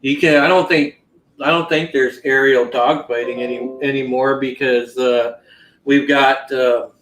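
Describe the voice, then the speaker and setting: A man's voice: mid-range voice, steady tone, a little slow, a bit bright, soft background music. A man hosting a casual chat, talking in a rambling way with many fillers and restarts.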